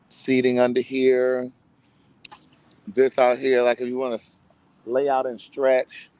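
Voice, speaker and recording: A man with a medium-pitched, darkish, smooth voice hosts his own show, and the recording is dry. He's showy in the scripted promo intros but loose and chatty during the casual phone live stream from a friend's backyard.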